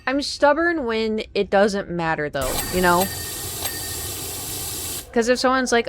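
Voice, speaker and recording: A woman's voice: mid-range voice, normal speed, background noise. A young woman streaming a game, chatting casually and telling stories, acting out quoted lines with energy. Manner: chatty, animated, acts out quotes. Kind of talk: casual storytelling while gaming.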